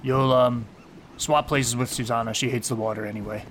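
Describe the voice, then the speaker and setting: A man voicing a gruff but friendly male ship captain who talks bluntly and reassuringly. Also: mid-range voice, steady tone, fairly quick, a bit bright, a little hiss or hum, close to an everyday voice. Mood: dry.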